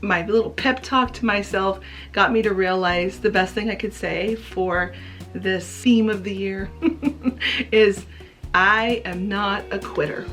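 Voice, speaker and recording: A woman talks straight to her viewers in an earnest, heartfelt way. Her voice sits at a middle pitch, and a faint bed of music plays under it. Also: takes it slowly, a bit bright. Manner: earnest, emotional, tearful at times. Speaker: craft vlogger. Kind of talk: heartfelt personal vlog talk.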